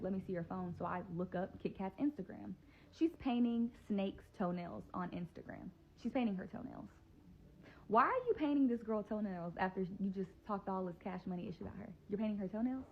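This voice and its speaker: A woman's voice: fairly low pitch, slightly rough, dull audio. A young woman telling a casual storytime to her viewers, chatty and full of fillers, speaking straight to the audience. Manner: chatty, filler-heavy, addresses viewers directly.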